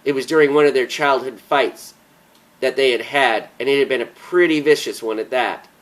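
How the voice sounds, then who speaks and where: A man reading a dramatic story aloud at a slow, solemn pace. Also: medium pitch, a bit bright, rough recording. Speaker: audiobook narrator. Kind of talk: dramatic audiobook narration.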